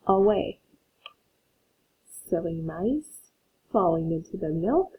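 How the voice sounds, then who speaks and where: With a low-ish, sing-song voice, a woman teacher gives a phonics lesson, reading a story aloud to young learners and explaining syllables slowly and patiently. The tinny, phone-like recording carries a little hiss or hum.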